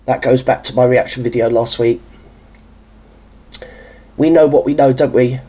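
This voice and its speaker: Husky gossipy man hosting reactions. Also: mid-range voice, fairly even intonation, moderate pace, dark tone. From England. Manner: camp, gossipy, sarcastic asides. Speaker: reaction video host. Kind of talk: chatty commentary over a clip.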